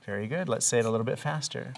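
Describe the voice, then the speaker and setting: A woman teaching a kindergarten reading lesson, patiently asking questions and drawing out phonics patterns slowly. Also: a bass voice, creaky, a little hiss or hum. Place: classroom with small children.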